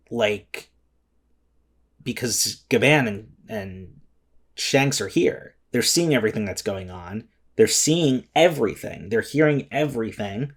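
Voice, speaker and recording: Guy with a lowish voice rambling on his vlog, lots of ums, restarts, swearing, all heart. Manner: rambling and emotional, many fillers and restarts, swears. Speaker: vlogger reviewing a comic chapter. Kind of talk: casual spoken commentary.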